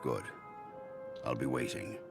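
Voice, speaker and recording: A man voicing a mysterious guardian spirit who speaks in a calm, commanding way. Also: rumbling low, slow, gravelly, over loud music, exaggerated voice.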